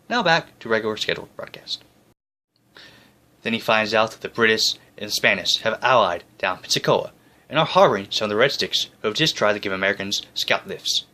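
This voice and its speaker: Breezy jokey man with a bright voice. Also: on the low side. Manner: jokey, breezy retelling with quick voiced asides. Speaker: narrator. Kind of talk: comic history narration.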